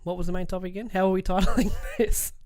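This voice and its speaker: A clear, smooth man in his thirties hosts a casual podcast chat. His voice sits a little high for a man. He talks loosely and swears freely as he reads through the news. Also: level tone, fast talker, darkish tone, faint music behind. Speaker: podcast co-host.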